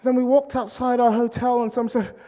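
Speaking British English, a man from Britain gives a funny, story-driven sermon, animatedly impersonating the people in his tales and joking with the congregation. His voice is extremely high-pitched and a little fast. The recording has long hall reverb.

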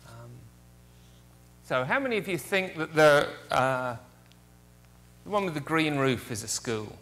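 A man's voice: fairly high pitch, sing-song, a bit bright, soft background music. Guest lecturer, male, nervous and self-mocking, lots of ums. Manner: self-deprecating, halting with many fillers. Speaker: guest speaker. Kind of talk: public lecture. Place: theater stage.

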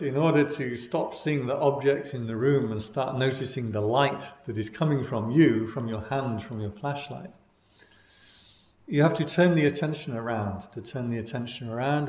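A man teaching meditation as a Buddhist monk, giving a dhamma talk in a relaxed storytelling way with wry asides. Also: medium pitch. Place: meditation class in a room. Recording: roomy echo.

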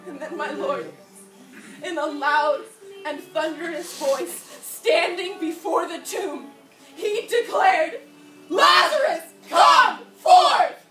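A woman's voice: very high-pitched, slow pace. A woman performing a stage monologue as a grieving sister, impassioned and swinging between tears and laughter, in an echoey church heard from a distance. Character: grieving woman of Bethany mourning her brother. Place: church sanctuary. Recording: echoey church hall from far off, music behind.

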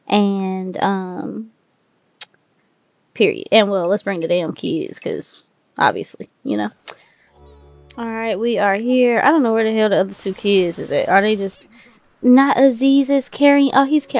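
Woman, gaming commentary, excitable, chatty, mid pitch, dry sound. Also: dry recording. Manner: excitable, chatty, addresses viewers as y'all. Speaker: gaming video host. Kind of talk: casual let's-play commentary.

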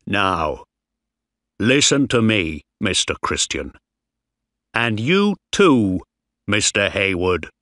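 A man voicing a strict, stern ship's captain who barks orders at his crew in a slow, dry storybook reading. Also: on the low side, very animated, a bit bright, dry recording, heavily acted. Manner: barking orders.

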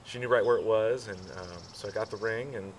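Man, low voice, halting storyteller, mic set back, faint outdoor hiss. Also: steady tone, far from the mic, low-quality recording. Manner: slow, halting, many fillers and restarts. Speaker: groom telling proposal story. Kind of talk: casual storytelling.

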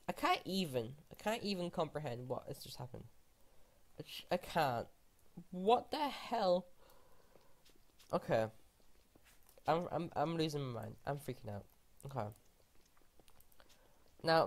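A woman hosting a casual let's-play, her voice low-pitched but swinging widely up and down. She talks excitably, gasping and breaking into disbelieving exclamations. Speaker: gaming channel host.

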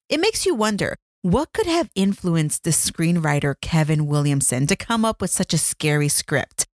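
A woman's voice: sits low, darkish tone, no echo, studio quality. A woman hosting a true crime podcast, telling the story as scripted narration with dramatic build-up and chatty asides to the listener.

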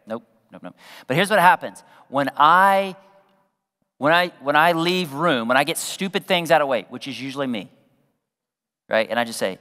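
A man preaching a sermon as pastor, talking conversationally to the congregation, throwing in asides and acting out quotes, sometimes dropping to a soft hush. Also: mid-range voice, expressive, normal speed, long reverb tail. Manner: drops to a soft, hushed voice for quoted prayerful words.

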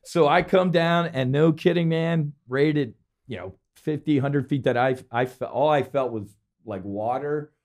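Excitable storytelling man, salty talk. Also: a little high, unhurried. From New Jersey. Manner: excitable, profane, laughs often. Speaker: guest, former Navy fighter pilot. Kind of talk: animated storytelling.

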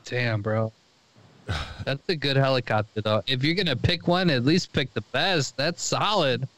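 A man's voice: medium pitch, normal speed, a bit bright, no room sound. A man co-hosting a podcast in casual chat, joking and riffing crudely. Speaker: podcast co-host.

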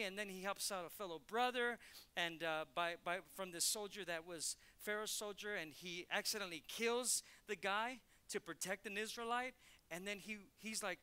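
A man's voice: high-pitched, pushed and bright, smooth. A male pastor preaching a conversational sermon in church, telling stories and acting out quotes. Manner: conversational, storytelling with acted quotes.

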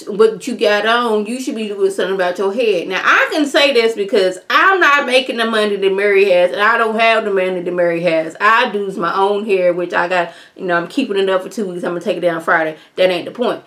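A woman's voice: medium pitch, fairly bright tone. A woman YouTuber giving a casual, sassy review of a reality TV episode, talking straight to her viewers and sounding exasperated.

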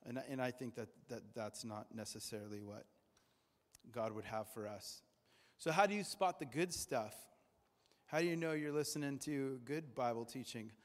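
In a large church sanctuary, a pastor with a mid-range voice preaches at a moderate pace. His sermon is conversational and full of jokes, and he acts out the voices of the people he quotes.

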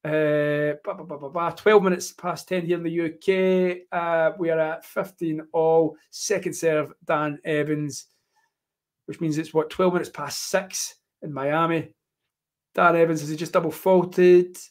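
A man with a strong Scottish accent chats through a live tennis match as host. His voice sits a touch high, and he jokes and rambles, dotting his play-by-play with ums and asides. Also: level tone, measured pace. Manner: chatty and joking, rambling with fillers. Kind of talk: casual live tennis watchalong commentary.

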